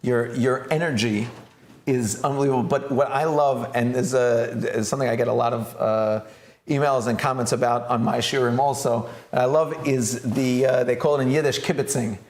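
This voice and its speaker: A man hosting a live interview, talking in an animated way and acting out stories. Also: normal speed, roomy sound. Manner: animated, acts out stories in high voices. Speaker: host.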